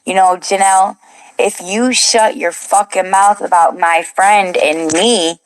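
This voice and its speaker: A woman's voice: mid-range voice, fairly even intonation, measured pace, a little hiss or hum. A woman in a replayed stream clip, taunting and swearing, repeating herself over and over.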